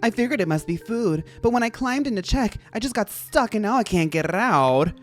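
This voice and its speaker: A streamer voicing a hungry chef creature stuck in a barrel, reading game dialogue aloud in a defensive, excitable way. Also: mid-range voice, brisk, soft background music, voice pushed up, close to an everyday voice. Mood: indignant.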